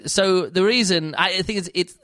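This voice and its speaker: A man's voice: normal speed, sharp tone, no echo, clean studio sound. A man hosting a podcast, casually reviewing a book in a rambling, enthusiastic way, full of fillers and restarts. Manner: enthusiastic, rises in pitch for quoted reactions. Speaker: podcast host reviewing books.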